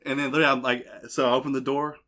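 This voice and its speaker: A man's voice: medium pitch, level tone, rapid-fire, pushed and bright. A young man hosting a podcast, telling a crude, rambling story in casual chat. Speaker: podcast host. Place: basement.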